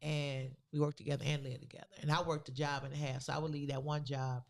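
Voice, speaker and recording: A woman co-hosting a podcast, telling a personal story in a casual, animated way with loose, vernacular phrasing. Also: low voice, fast talker, gravelly. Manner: animated, acts out the people in her story. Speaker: podcast co-host.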